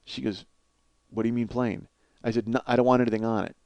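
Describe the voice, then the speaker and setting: A man's voice: medium pitch, steady tone, quick pace, a little mellow, clear, resonant tone, dry recording. A man hosting a comedy podcast, telling a rambling, profane, self-mocking story and laughing at his own jokes. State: cold sore on face. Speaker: podcast host. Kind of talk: comic storytelling monologue.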